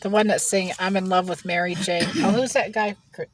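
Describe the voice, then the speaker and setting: A woman's voice: medium pitch, steady tone, brisk, slight background noise. A woman vlogging while she eats, telling rambling gossipy stories in casual chat from inside a car. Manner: chatty gossipy storytelling, frequent laughs. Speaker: mukbang vlogger.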